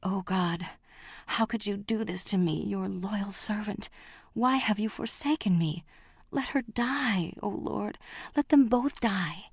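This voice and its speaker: A woman's voice: medium pitch, takes it slowly, breathy edge, no room sound, clean studio sound, pitched above the performer's own voice. A woman voicing a pious older shopkeeper father who stutters and then screams in rage. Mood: anguished prayer.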